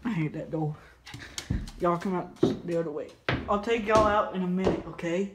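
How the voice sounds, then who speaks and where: A vlogger filming at home on a phone, chatting to viewers and cooing excitedly at the pet dog with sudden high-pitched jumps. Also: moderate pace, very noisy. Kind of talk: casual home vlog. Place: home living room with pets. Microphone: phone camera held sideways.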